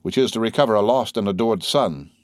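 A man's voice: on the low side, expressive, a little fast, dry recording, studio quality, close to an everyday voice. A man reading the part of a timid, fawning old Italian ex-major in an audiobook, with a hesitant, eager manner. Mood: eager, anxious.

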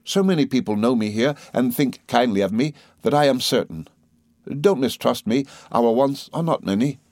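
A man reading aloud as a calm young woman, speaking softly and reassuringly. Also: mid-range voice, normal speed, no echo, clean studio sound, close to an everyday voice. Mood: gentle.

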